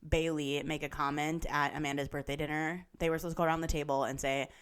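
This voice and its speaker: A woman's voice: sits low, fast, smooth. Gossipy young woman podcast co-host. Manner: gossipy, animated retelling with lots of "like" and swearing. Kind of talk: casual chat.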